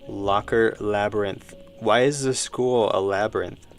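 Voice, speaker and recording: A man's voice: on the low side, fairly even intonation, a little slow, faint music behind. A man casually commenting while he plays a horror game, musing aloud and reading the game's dialogue as he goes. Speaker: streamer playing a horror game.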